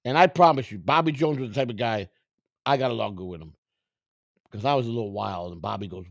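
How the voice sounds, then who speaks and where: A middle-aged man with a gravelly, rough-edged voice tells stories casually, swearing freely and acting out the people in them. He sounds close and dry, with no room around him. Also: mid-range voice, very fast, no room sound. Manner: profane, animated, acts out quotes. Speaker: storyteller, former clubhouse worker. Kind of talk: casual storytelling.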